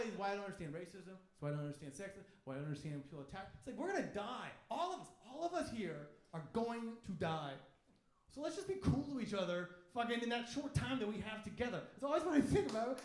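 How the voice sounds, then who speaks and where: A man doing a stand-up comedy set in a club, brash and swearing, acting out the voices he quotes. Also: extremely high pitch. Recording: echoey club room with audience laughter. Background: audience laughing.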